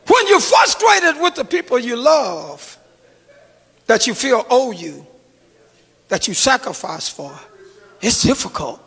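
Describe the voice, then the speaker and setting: A middle-aged male pastor preaching in a big church hall, his voice very high for a man, with a gravelly edge. He drops to a hush and then rises to a shout, calling out to the congregation, while long reverb trails behind each phrase. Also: very animated, slow pace, pauses often. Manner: preaching with call-and-response, swinging between hushed and shouted. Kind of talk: sermon. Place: church sanctuary.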